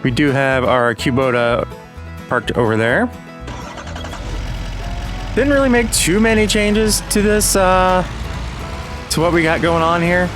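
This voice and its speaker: A man with a slightly hoarse, frog-in-the-throat voice, rambling casually with lots of ums and uhs as he hosts a farming game let's-play. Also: a little high, animated, measured pace, long pauses, over music. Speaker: gaming channel host.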